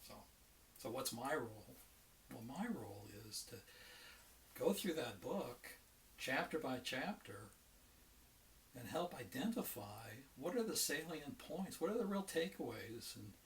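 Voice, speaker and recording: A man's voice: medium pitch, big pitch swings, moderate pace, recorded from a distance, a little hiss or hum. A man who is an economics professor, giving an informal, folksy online lecture with many fillers and restarts. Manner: chatty and folksy, tells jokes with acted quotes.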